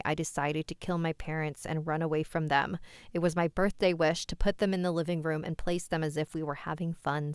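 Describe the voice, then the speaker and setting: A woman's voice: low-pitched, smooth, no echo, studio quality. A woman hosting a live stream, reading listener-submitted scary stories aloud with chatty asides.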